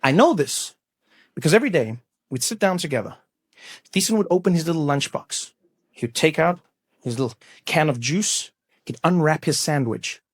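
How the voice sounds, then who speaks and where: A man performing stand-up comedy on a live stage, telling a story in an animated way with sudden loud bursts. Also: on the high side, normal speed, husky, no room sound, clean studio sound.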